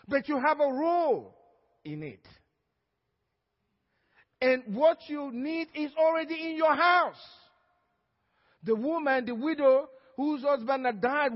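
A male pastor preaching a sermon in church, emphatic, often calling for an amen. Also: very high voice. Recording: dull, echoey church hall.

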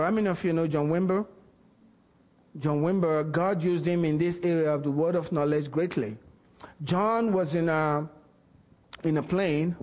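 A man with a high voice preaches in a church, spinning a story and acting out each exchange. His words ring out with a long hall reverb. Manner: animated storyteller acting out dialogue. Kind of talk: sermon storytelling.

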